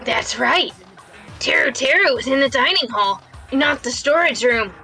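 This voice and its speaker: Bright, polite woman. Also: high-pitched, lively intonation, a little slow, vocal fry, soft background music, poor audio. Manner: polite, mock-formal. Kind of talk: casual chat while voicing a game.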